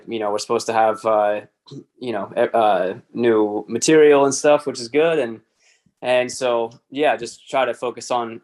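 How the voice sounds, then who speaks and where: Hesitant low-key man from Texas. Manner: hesitant, lots of fillers and restarts, low-key. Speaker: motorcycle racer, guest. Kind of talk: casual podcast interview.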